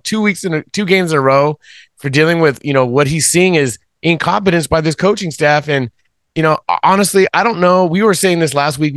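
A man's voice: on the high side, fairly bright tone, no echo, clean studio sound. A man hosting a casual sports podcast, talking frankly and emphatically with a rambling flow. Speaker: podcast host.

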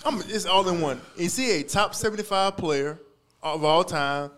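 A man with a high voice, co-hosting a casual podcast and trading playful, quick banter with his friends. The talk is loose and unscripted. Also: fairly bright tone. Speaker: podcast co-host.

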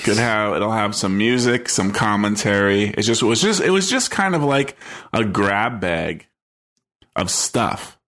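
A man's voice: lowish voice, animated, unhurried, a bit bright. A man chatting casually on a podcast, often hesitant, full of ums and likes as he feels for his words. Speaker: podcast co-host.

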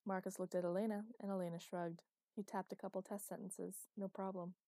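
Mellow woman reading a novel aloud. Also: medium pitch, little pitch movement, brisk, dry recording. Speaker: audiobook narrator. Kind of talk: scripted narration.

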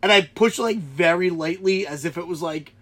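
A young man with a husky voice telling a rowdy story in casual chat, swearing freely and shouting out the quoted lines. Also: sits high, normal speed. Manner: animated, swears a lot, shouts when acting out quotes.

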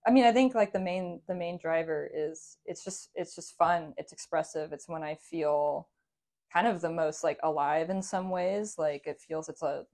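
Female podcast guest, slightly low voice, loose rambling chat full of laughs. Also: moderate pace, darkish tone. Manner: rambling, self-correcting, laughs often. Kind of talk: casual chat.

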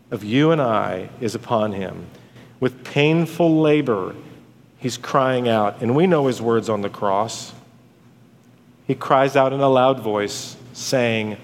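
A man preaching a sermon as a pastor, swinging from dramatic rises to hushed drops on key words. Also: mid-range voice. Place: church sanctuary. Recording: long hall reverb.

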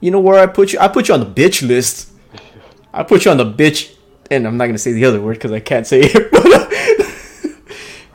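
A man's voice: medium pitch, very animated, fairly quick, darkish tone. A man co-hosting a soccer podcast, giving profane, mocking rants and laughing at his own jokes. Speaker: podcast co-host. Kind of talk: casual soccer banter.

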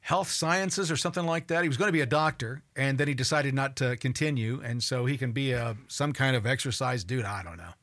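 A man in his sixties hosting a call-in radio talk show, talking in an animated way, stumbling over repeated words and swearing when riled up. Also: medium pitch, a little fast, hardly any pauses.

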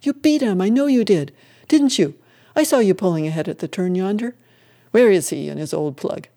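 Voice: lively intonation, a little fast, vocal fry, warm tone. A reader voicing a cheerful, plucky country widow who talks in a chirpy, raised voice. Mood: exultant. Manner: chirpy, triumphant, raised pitch.

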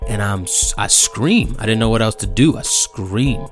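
A young man telling a story casually, animated and profane, repeating himself and growing heated. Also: lowish voice, moderate pace, music in the background.

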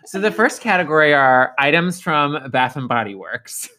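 Bright-voiced man chatting casually. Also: a little high, very animated, normal speed. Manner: playful, says "like" a lot. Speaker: podcast co-host. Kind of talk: casual chat.

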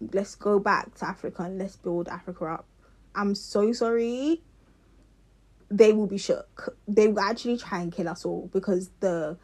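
A woman's voice: medium pitch, a little mellow, breathy edge. A young woman ranting to her viewers in a passionate, rambling way, with many restarts. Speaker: vlogger. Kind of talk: casual rant to camera.

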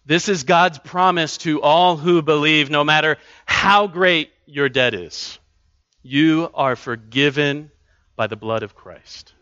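Male pastor, earnest conversational sermon, bright tone, dull dry recording. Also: fairly high pitch, measured pace, hardly any pauses, smooth, dry recording. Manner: earnest, conversational preaching with repeated restarts. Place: church.

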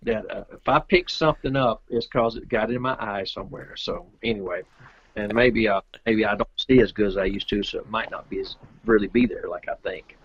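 Man, rambling storyteller, husky, muffled dry remote-call sound. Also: lowish voice, brisk, no echo. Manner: rambling, folksy, loose grammar. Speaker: interview guest, pool player. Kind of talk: casual storytelling.

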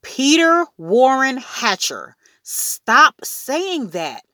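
A woman voicing a frantic, doting mother who talks in a shrill, pleading way, in a storybook reading. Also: animated, slow, fairly bright tone, no room sound, studio quality. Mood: exasperated.

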